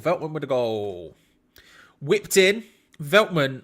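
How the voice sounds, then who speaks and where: A man's voice: medium pitch, moderate pace, a bit bright, slight background noise. A man hosting a live football watch-along, commenting on play to his chat in disbelief and laughing at bad defending.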